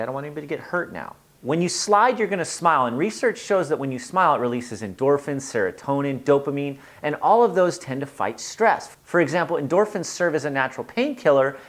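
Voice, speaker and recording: An energetic host whose voice bounces all over its range while handing out light-hearted advice. The delivery is playful and jokey, the manner of a casual tips video. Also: mid-range voice.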